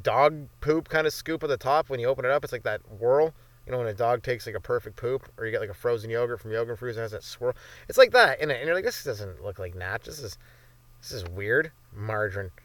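A young man hosts a comedy podcast, riffing off the cuff in a loose, rambling way and swearing freely. His voice sits at an ordinary middle pitch. He is close on a dry mic with no room sound. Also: no room sound. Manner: loose, profane, rambling with lots of fillers. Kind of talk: rambling stand-up style monologue.

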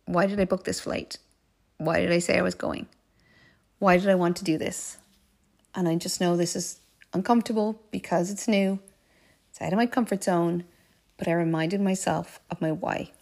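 A woman with a gravelly, fry-edged voice, talking through a personal story for her podcast. She sounds earnest and heartfelt, circling back over key phrases, and at times drops into soft, breathy asides. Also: lowish voice, steady tone, moderate pace, pauses often. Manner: earnest and heartfelt, often repeating phrases for emphasis. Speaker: life coach podcast host.

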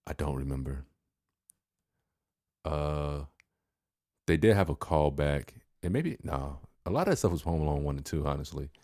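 Man, podcast co-host, extremely deep voice, dry close sound, laid-back and teasing. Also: expressive, moderate pace, pauses often, mellow, no room sound. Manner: laid-back, teasing, fills with "uh" and "you know". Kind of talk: casual chat.

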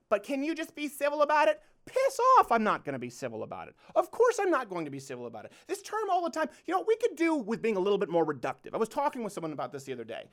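A male host delivers a fired-up closing monologue on his own show. His voice swings widely up and down as he presses each point. He keeps circling back to the same rhetorical questions. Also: high-pitched. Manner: emphatic, repeats rhetorical questions.

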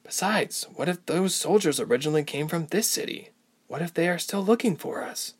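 A man voicing an earnest, anxious young woman who frets and worries out loud. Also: a little high, animated, a little fast, slightly rough, pitched above the performer's own voice. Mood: anxious hissing. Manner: worried, fretful.

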